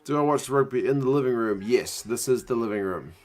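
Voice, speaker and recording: A man's voice: medium pitch, a little fast. A man hosting a casual live watch-along from his living room, chatting and answering viewers' questions. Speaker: livestream host.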